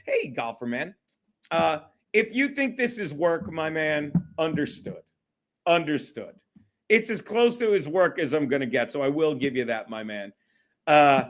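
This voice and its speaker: Guy with a high voice ranting on his live stream, swearing n laughing. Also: fairly bright tone. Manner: rambling, profane, laughing often. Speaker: livestream host. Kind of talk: casual solo livestream chat.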